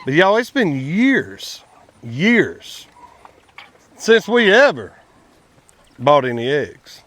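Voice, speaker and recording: Folksy man with a lively voice. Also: a little high, extremely slow. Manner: folksy, chatty, addresses viewers as y'all. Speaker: quail farmer and channel host. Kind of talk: casual outdoor vlog. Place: outdoors at quail pens.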